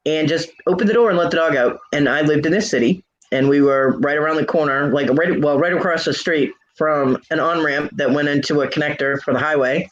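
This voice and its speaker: A middle-aged woman telling a funny family story in a casual chat, laughing often and acting out the quoted voices. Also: low-pitched. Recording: dull lo-fi live stream audio.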